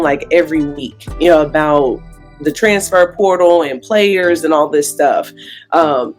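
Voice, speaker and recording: A woman's voice: sits low, darkish tone. A woman in her forties, a basketball coach, giving earnest, reflective interview answers with easy laughs.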